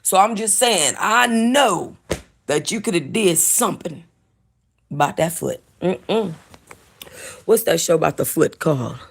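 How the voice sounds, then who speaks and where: A woman from North Hollywood hosting a casual livestream, tired and giving loud, profane commentary full of laughter. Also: on the low side, animated, unhurried, vocal fry, pauses often, slightly rough. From North Hollywood, California. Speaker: livestream host.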